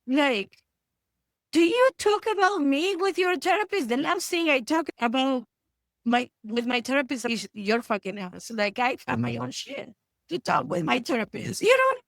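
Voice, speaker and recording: A woman's voice: fairly high pitch, big pitch swings, normal speed, gravelly, a bit bright, no echo. A woman from Argentina speaks as a therapist guest in an interview. She is blunt and profane, and she often acts out what her clients say. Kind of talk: candid interview talk.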